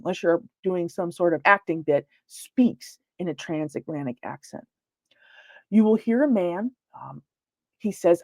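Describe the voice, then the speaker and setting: A woman gives a relaxed online lecture on investigations, and her voice sits a little low. She keeps stopping to restart her sentences and drops plenty of fillers along the way. The sound is dry and close, as if from a computer mic on a video call. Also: no echo, dull audio. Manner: conversational, many fillers and restarts. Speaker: paranormal investigator giving a lecture. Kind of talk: informal virtual library lecture.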